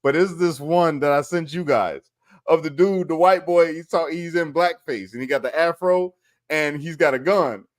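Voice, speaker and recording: A podcast co-host with a fairly high voice speaks at a moderate pace in casual chat, telling stories in a loose, profane manner and laughing as he retells funny clips.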